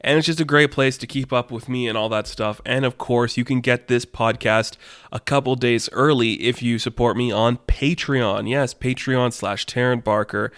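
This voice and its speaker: A young man hosting a podcast, narrating a made-up fight story in a rambling, animated way and laughing at his own jokes. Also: mid-range voice, moderate pace, no echo, clean studio sound. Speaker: podcast host.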